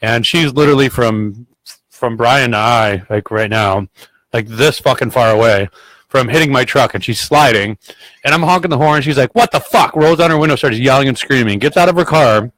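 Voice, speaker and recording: Dude hosting a podcast, cusses nonstop, rambly, gets loud telling a story, dead dry sound. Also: male voice, medium pitch, normal speed, no echo, poor audio. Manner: heavy swearing, blunt and rambling; grows loud and heated when retelling arguments. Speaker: podcast host. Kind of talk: casual storytelling chat.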